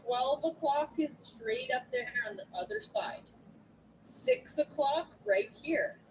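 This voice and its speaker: A woman teacher with a big, loud voice, giving a chatty online lesson to her students and often asking "right?". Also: high-pitched, very animated, slow, slight background noise, low-quality recording. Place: at home at a computer. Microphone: computer mic.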